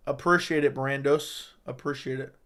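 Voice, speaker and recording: A man hosting a casual livestream, reading viewer questions out loud and answering them in a chatty, joking way. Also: mid-range voice, steady tone, a little slow. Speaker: livestream host.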